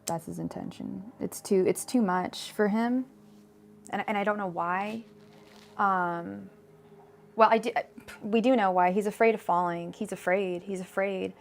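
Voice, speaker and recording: A woman's voice: medium pitch, steady tone, a little slow, gravelly, a little hiss or hum. A woman reading tarot cards on a live stream, chatty and digressive, full of fillers and restarts. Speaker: tarot reader.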